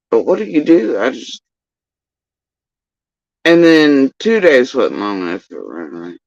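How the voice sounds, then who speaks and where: A man's voice: medium pitch, sing-song, measured pace, vocal fry, no room sound. A man telling a long, agitated, profane story on a livestream, repeating himself as he goes. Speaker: livestreamer recounting personal events. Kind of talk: rambling livestream monologue. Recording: dull lo-fi stream audio.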